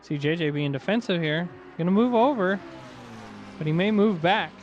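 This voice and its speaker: A man's voice: sits high, animated, moderate pace, lo-fi sound, a little hiss or hum. A man giving live commentary on a sim race, teasing his co-host between calls.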